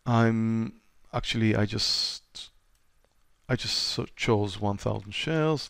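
A man teaching a live trading webinar in a smooth, resonant voice, recorded close and dry. He speaks straight to his students and repeats his phrases for emphasis. At times he acts out a trader's racing thoughts with rising excitement. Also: fairly low pitch, slow pace, dry recording. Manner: repeats phrases, direct to the audience. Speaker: trading instructor.

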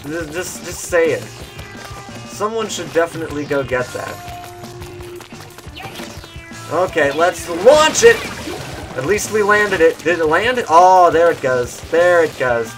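Goofy high-voiced gameplay commentator man. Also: slow pace, long pauses, music in the background. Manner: goofy, animated, slips into silly meme voices and shouts. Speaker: gaming YouTuber.

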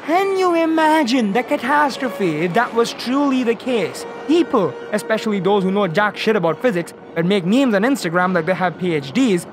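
A science YouTuber giving a comedic explainer that is sarcastic and exasperated, with the odd swear word for laughs. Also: medium pitch. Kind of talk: comedic educational monologue.

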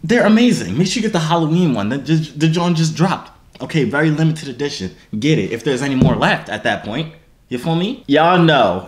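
A man's voice: on the high side, expressive, fast talker. A male YouTuber talking casually to his viewers, full of slang and "you feel me". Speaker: YouTuber host. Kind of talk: casual vlog talk to camera. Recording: roomy echoey room.

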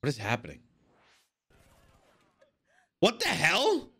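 A man reacting to an anime episode in casual commentary, excitable and swearing, exclaiming at the screen. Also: on the high side, slow pace, slightly rough.

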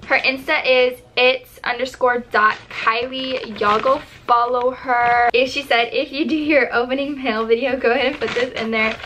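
A woman's voice: sits high, steady tone, moderate pace, hardly any pauses, sharp tone, a little hiss or hum. A teenage girl vlogging as she opens fan mail, bubbly and gushing, with plenty of "like" fillers. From Texas. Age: teens. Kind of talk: casual mail-opening vlog.

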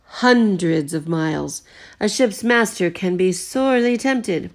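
A woman voicing a hearty, bearded old sea captain with a booming manner. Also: lively intonation, slow pace.

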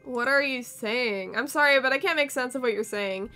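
A woman's voice: high-pitched, normal speed, bright, forceful tone, soft background music. A woman voicing a frightened ten-year-old girl who speaks earnestly and rambles when she explains. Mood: confused.

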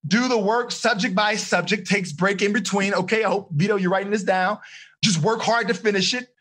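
Man, life coach, high pitched, crisp bright tone, encouraging, quizzes listeners, video call. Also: fairly even intonation, fairly quick. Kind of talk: live online seminar for teens.

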